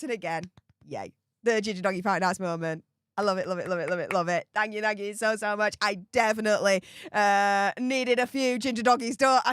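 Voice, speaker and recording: A woman hosting a casual live stream, chatting to viewers and thanking them warmly, with plenty of fillers. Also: on the high side, clear, resonant tone, no room sound, clean studio sound.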